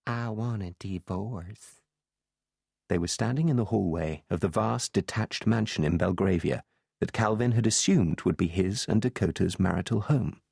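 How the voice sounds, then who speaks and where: A man reads a novel aloud as an audiobook narrator, in a measured, even delivery. His voice sits on the low side. The studio sound is close and dry, with no room in it. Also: gravelly, breathy edge, no room sound.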